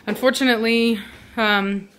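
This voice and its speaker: A woman's voice: on the high side, fairly even intonation, moderate pace, fairly bright tone, clean tone. A woman talking casually to her viewers at home while sitting with her dogs, rambling with many fillers and turning firm when she scolds the dogs. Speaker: dog breeder vlogger. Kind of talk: casual home video update.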